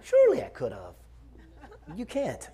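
Lively high-pitched preacher man in his forties. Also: normal speed, breathy edge. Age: 40s. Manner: storytelling with humor, calls out "Amen?" to the room. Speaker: pastor. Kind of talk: sermon. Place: church sanctuary.

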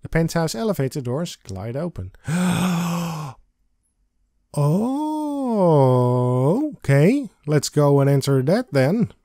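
A man's voice: fairly high pitch, animated, moderate pace, hardly any pauses, mellow, no echo, studio quality. A man hosting a let's play of an old adventure game, reading its text aloud in a playful, giggly way. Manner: playful, giggly, sings and reads lines with silly emphasis.

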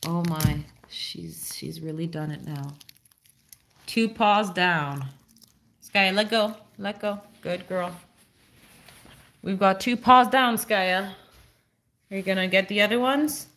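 A woman's voice: slow pace, pauses often, a bit bright. A woman hosting a casual live stream with her dog, chatting to viewers and talking to the dog in a playful, sing-song voice. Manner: baby-talks to her dog, swings up high and playful; answers chat viewers with fillers and restarts.

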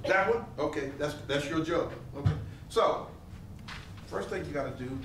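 A man's voice: a little high, normal speed, heavy background noise. Older man telling stories in a hall. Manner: animated, laughing storyteller with repeated phrases. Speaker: living history performer and potter. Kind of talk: storytelling to a live audience. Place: museum hall with an audience. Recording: roomy hall, voice from a distance.

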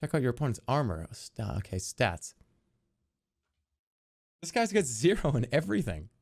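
A man streaming a video game in casual, jokey commentary, reading the on-screen text aloud and reacting with excitement. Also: mid-range voice, moderate pace, creaky.

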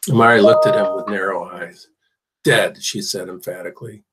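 A man reading a novel aloud as audiobook narration, steady with the odd restart. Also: low-pitched, fairly quick, heavy background noise. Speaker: audiobook reader.

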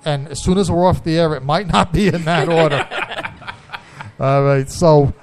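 A man's voice: fairly high pitch, a little slow, noisy background. A man hosting a radio show, bantering casually and wryly in a studio, often trailing off mid-sentence.

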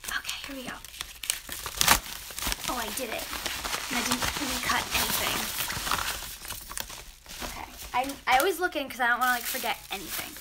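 A woman's voice: fairly high pitch, a little fast, long pauses, very noisy. A teenage girl vlogger opening fan mail, chatty and gushing as she reads letters aloud. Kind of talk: casual mail-opening vlog.

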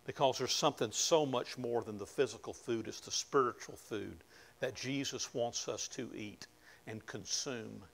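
Gravelly preacher, hushed to emphatic. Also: male voice, mid-range voice. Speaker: pastor. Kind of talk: sermon.

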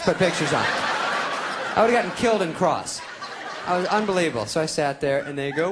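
A male comedian performs stand-up on a theater stage, sarcastic and self-mocking. His pitch leaps around lively, a bit high for a man. The live recording carries a laughing crowd and room noise. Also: fairly quick. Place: theater stage before an audience. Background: audience laughter.

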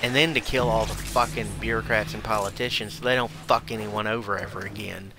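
A man streaming a game and ranting angrily with constant swearing. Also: lowish voice. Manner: profane, heated ranting. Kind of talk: angry ranting while gaming.

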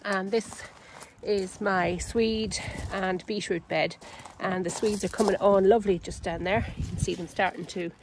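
An Irish woman at a middling pitch talks her way around her vegetable garden in a loose, chatty walkthrough. She is unhurried, stops often on ums, and corrects herself mid-sentence. Faint outdoor ambience with animal sounds sits behind her voice. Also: fairly even intonation, slight background noise, rough recording. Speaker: home gardener and channel host.

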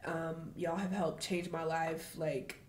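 A woman's voice: low-pitched, level tone, takes it slowly, a little hiss or hum. A woman making online reaction videos, speaking candidly to her viewers in casual slang with swearing. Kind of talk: casual talk to camera. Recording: echoey room.

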